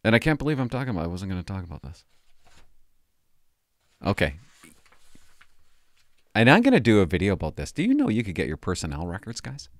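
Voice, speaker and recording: A man spins a meandering personal story, cutting himself off, backtracking and chuckling as he goes. His voice sits fairly low but swings widely up and down. The sound is dry and close, with no room around it. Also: huge pitch swings, brisk, pauses often, no echo. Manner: rambling, self-interrupting, laughs at his own story. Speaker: former police cadet telling stories. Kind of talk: casual storytelling monologue.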